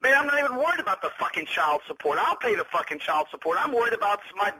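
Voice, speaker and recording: A man's voice: high-pitched, big pitch swings, fast, hardly any pauses, sharp tone, husky. Outraged cursing man on a phone call. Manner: outraged, cursing, laughing in disbelief. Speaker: prank call victim. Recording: played radio phone call.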